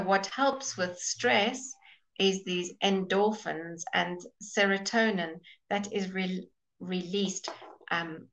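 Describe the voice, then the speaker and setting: A woman teaching a live online English class, explaining slowly and patiently and sounding out of breath. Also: medium pitch, fairly bright tone, poor audio. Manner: slow, explaining patiently, with fillers and restarts. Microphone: webcam or computer mic.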